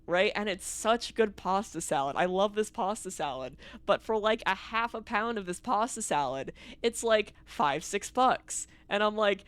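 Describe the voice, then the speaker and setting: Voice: medium pitch, animated, moderate pace, hardly any pauses, fairly bright tone, clear, resonant tone, no echo. A streamer chatting casually on a live stream, ranting with frequent laughter and free swearing. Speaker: game streamer. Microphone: streaming mic.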